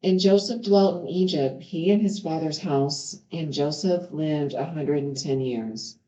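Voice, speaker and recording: In a roomy, slightly dull home recording, a woman reads scripture at a measured pace in a low-pitched, dark voice. She breaks off occasionally to offer her own earnest, heartfelt comments.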